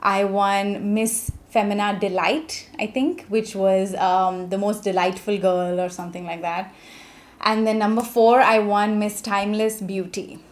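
A young woman from India, telling her own story in a chatty, expressive vlog style with many fillers. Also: mid-range voice, a little slow. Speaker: vlogger. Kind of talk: casual storytelling.

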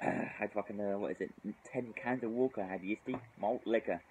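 A lowish-voiced British man talks fast in a casual drinking vlog, tipsy and shivering outdoors in the cold, with background noise. He rambles, swears, and sighs often.

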